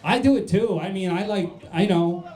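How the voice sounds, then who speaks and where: A man's voice: high voice, moderate pace, darkish tone, roomy sound. A man from New Jersey doing a stand-up set in a comedy club, crude and self-mocking, riffing with the crowd.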